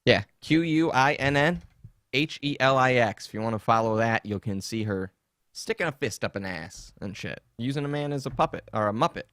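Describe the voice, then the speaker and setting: A man's voice: medium pitch, moderate pace, fairly bright tone, dry recording, clean studio sound. A man hosting a podcast, chatting casually with a jokey, rambling, mocking manner. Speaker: podcast host. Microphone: desktop streaming setup.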